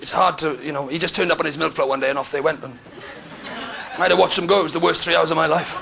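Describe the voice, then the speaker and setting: A man's voice: a little high, steady tone, fast, creaky, very noisy. A Welsh man doing a stand-up set in a comedy club, ranting with mock indignation at the audience. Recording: live club set with crowd laughter.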